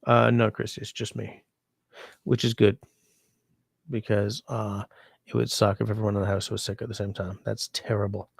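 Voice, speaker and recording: A man's voice: on the low side, little pitch movement, moderate pace, gravelly, long pauses, breathy edge, no echo, studio quality. A sick man hosting a livestream from home, chatting casually and reading viewer comments aloud in a rambling, easygoing way. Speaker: livestream host.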